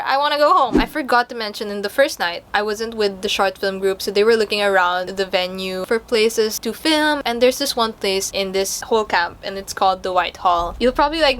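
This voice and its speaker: A young woman from the Philippines tells a story in a casual, chatty way, full of fillers like "like.". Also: a little hiss or hum. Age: young adult. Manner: chatty, filler-heavy, acts out quotes in a higher voice. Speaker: storytime vlogger.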